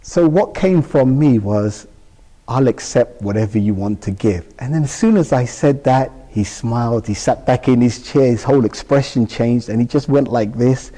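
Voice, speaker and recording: A British interview guest recounts something he went through, emotionally and vividly, voicing the dialogue himself. His mid-range, mellow voice moves at a moderate pace with hardly any pauses, and the audio has a big-room sound.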